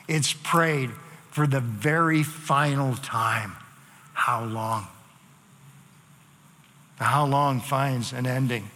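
A man's voice: on the high side, bright, forceful tone. A male pastor preaching a sermon in a conversational way, rising into emphatic repeated cries. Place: church hall. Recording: long reverb of a large hall.

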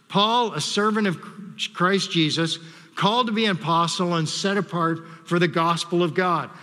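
High, bright-voiced male pastor preaching. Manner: measured preaching, reads scripture aloud, leads congregation call-and-response. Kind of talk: sermon. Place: church sanctuary. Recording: long hall reverb.

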